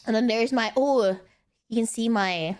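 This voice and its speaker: A woman's voice: on the high side, a little slow, darkish tone, clean tone. A young woman streaming casually, rambling playfully and laughing often. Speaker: VTuber streamer. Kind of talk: casual live-stream chat.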